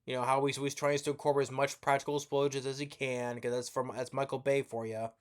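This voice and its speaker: A man's voice: medium pitch, flat delivery, quick pace, clear, resonant tone. A man giving a rambling, profane movie review rant, sleepy and yawning as he talks, with lots of restarts.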